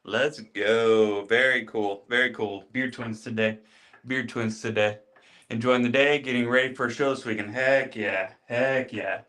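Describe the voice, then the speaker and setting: A man's voice: mid-range voice, fairly even intonation, unhurried, a bit bright. A man hosting a casual livestream, chatting with viewers while demonstrating his beard care routine, greeting people by name and repeating his phrases. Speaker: livestream host.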